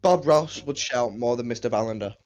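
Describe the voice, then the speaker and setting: A man's voice: mid-range voice, fairly quick, darkish tone, dull audio. A young man co-hosting a podcast, chatting in a laid-back way and often chuckling. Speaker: podcast co-host. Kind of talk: casual chat.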